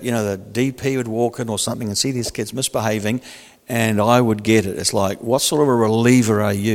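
Guy preaching casual-like, gravelly voice, long echo like a big church hall. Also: mid-range voice. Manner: conversational preaching with jokes and acted-out quotes. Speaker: pastor. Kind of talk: sermon.

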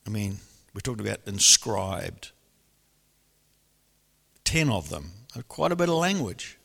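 A man preaching a sermon in a church hall, lively and animated, often laughing and acting out voices. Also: fairly low pitch, slow pace, gravelly. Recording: long hall reverb.

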